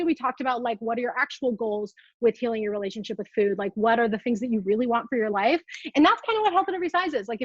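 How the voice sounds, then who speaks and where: The live-streamed talk comes from a young food freedom coach whose voice sits high, captured on earbuds with lo-fi sound and no room sound. She's casual and filler-heavy, saying "like" a lot and reacting to live comments.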